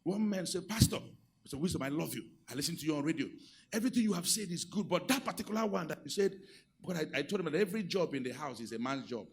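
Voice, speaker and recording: Animated Nigerian pastor preaching. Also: male voice, fairly high pitch, fast, slightly rough. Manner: animated preaching, swings from quiet asides to loud exhortation. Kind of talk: sermon on marriage and leadership.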